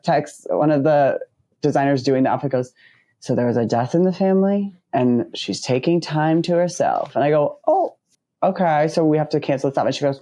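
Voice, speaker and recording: A podcast co-host with a mid-pitched voice, talking in casual chat. The story comes out animated, with the quoted back-and-forth acted out along the way.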